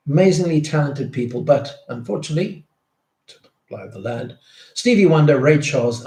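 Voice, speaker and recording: Chatty South African quiz host, echoey room. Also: male voice, a little high, a little mellow. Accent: South African English. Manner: chatty, jokey, rambling asides. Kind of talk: online pub quiz, reading answers.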